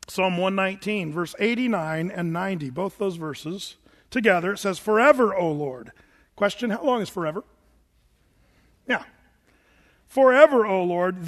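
A man with a high, bright voice preaches with animated, emphatic delivery, reading verses aloud and acting out quoted voices. His voice rings out with a long reverb, as if in a large hall. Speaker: pastor. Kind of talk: sermon.

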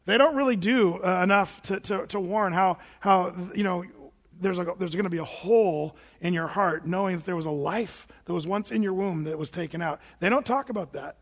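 A man's voice: sits high, normal speed, long reverb tail. A male pastor preaching a sermon from the front of a church, conversational and prone to restarting his phrases.

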